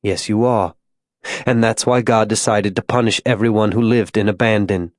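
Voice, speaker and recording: A man voicing a tormented religious zealot who speaks to a child in a hushed, tender way. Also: fairly low pitch, steady tone, normal speed, no room sound, clean studio sound, natural voice. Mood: preaching.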